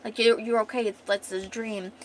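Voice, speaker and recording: A woman voicing a gentle, anxious young man, speaking quietly as she reads a comic aloud. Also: on the high side, little pitch movement, normal speed, a little hiss or hum, lightly acted. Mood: worried, tender.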